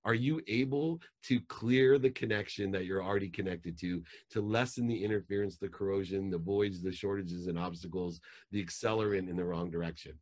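A man's voice: low-pitched, a little fast, few pauses, darkish tone. A man in his forties, a life coach telling a motivational story in an intense, emphatic way.

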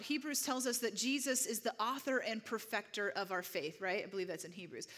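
A woman's voice: on the high side, a bit bright. A woman preaching a conversational sermon to a congregation, often checking in with "right?". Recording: long hall reverb.

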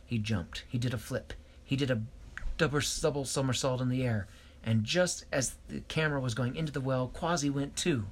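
A man telling an improvised story, hesitant, pausing and correcting himself. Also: medium pitch, a little hiss or hum.

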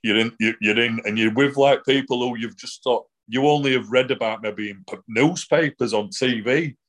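A middle-aged man talks freely in an interview, circling back on himself with "you know" and "like" and swearing bluntly. His voice sits at an ordinary middle pitch. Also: moderate pace, a bit bright. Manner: rambling, many restarts and fillers, blunt swearing. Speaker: guest. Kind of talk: casual interview, personal account.

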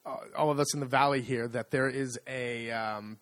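A man's voice: mid-range voice, fairly even intonation, moderate pace, a bit bright. A middle-aged man co-hosting a casual podcast chat, rambling with many fillers and restarts. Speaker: co-host. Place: rural home.

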